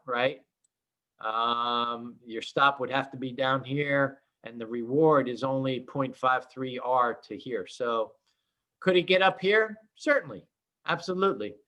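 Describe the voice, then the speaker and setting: A man's voice: medium pitch, fairly bright tone. Chatty man teaching live trading. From schooled in Oklahoma. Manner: casual, rambling with many fillers. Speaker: trading instructor.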